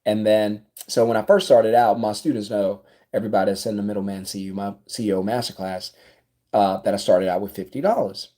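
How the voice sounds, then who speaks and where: A man in his thirties with a South Louisiana accent, a business coach telling a story to camera in his office in an animated, conversational way. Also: lowish voice, brisk. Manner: animated, conversational, acts out dialogue.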